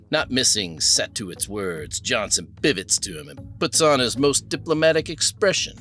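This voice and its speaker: A man narrating an audiobook in an expressive, storytelling manner. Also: mid-range voice, measured pace, soft background music. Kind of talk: scripted narration.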